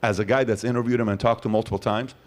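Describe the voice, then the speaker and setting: A man's voice: on the low side, rapid-fire. A man hosting a podcast, talking emphatically and telling stories. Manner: emphatic, storytelling, animated asides. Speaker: host. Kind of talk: casual podcast chat.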